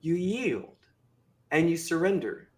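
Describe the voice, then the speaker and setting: A man who works as a motivational speaker, talking as a podcast guest in an emphatic, preachy way and acting out what people say with big swings in pitch and loudness. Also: sing-song, slow pace. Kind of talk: animated podcast conversation.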